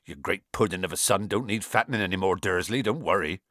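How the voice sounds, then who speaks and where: A man doing Hagrid, a gruff folksy giant. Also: sits low, fast, fairly bright tone, no room sound, clean studio sound. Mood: scornful. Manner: gruff, folksy dialect grammar. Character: huge gruff male giant, rough and blunt.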